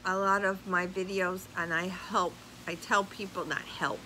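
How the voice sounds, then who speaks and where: An older woman vlogger chatting casually as she reads viewer comments aloud, animated and laughing often. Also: lowish voice, unhurried, a little hiss or hum, low-quality recording. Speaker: YouTube vlogger. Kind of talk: casual chat reading comments.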